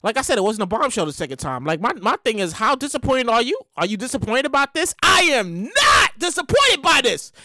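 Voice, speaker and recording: A medium-pitched voice carries a solo host's casual, rambling take on celebrity news, recorded in a clean studio with no room sound. The talk is animated and slangy, full of curses, with lines repeated for effect in a conversational manner.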